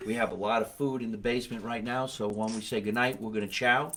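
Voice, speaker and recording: A man's voice: on the low side, fairly even intonation, quick pace, pushed and bright. A middle-aged man hosting a casual comedy podcast, joking brashly and wrapping up with plugs and catchphrases. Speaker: podcast host.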